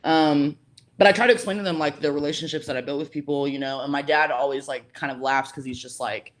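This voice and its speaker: A young woman talks casually as a podcast guest, leaning on "like" as she goes and slipping into the voices of the people in her story. Her manner is relaxed and conversational throughout. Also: deep voice, fast. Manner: chatty, heavy use of "like", acts out quoted voices. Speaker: podcast guest, college debater.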